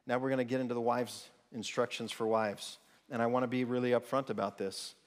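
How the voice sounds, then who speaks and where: A man preaching a sermon to his congregation. He asks rhetorical questions, has them repeat lines back, and jumps his pitch when voicing quoted people. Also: flat delivery, a little fast. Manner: acts out quoted voices with sudden jumps in pitch. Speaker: pastor. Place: church hall. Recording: long reverb of a church hall.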